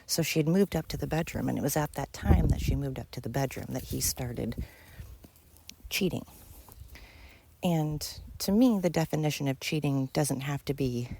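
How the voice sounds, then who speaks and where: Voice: medium pitch, moderate pace, gravelly, warm tone, a little hiss or hum. A podcast host telling a friend's story in a casual monologue, emphatic and repetitive, swearing freely.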